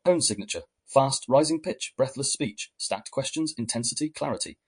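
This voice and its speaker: A man hosting a podcast, giving measured, reflective scripted narration. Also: medium pitch, expressive, slightly rough. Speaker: podcast host.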